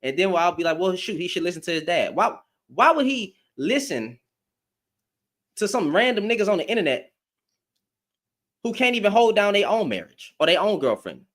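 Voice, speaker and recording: A man's voice: high-pitched, sing-song, moderate pace, a bit bright. A man giving a blunt, profane opinion rant to camera, firing off rhetorical questions as a commentary vlogger.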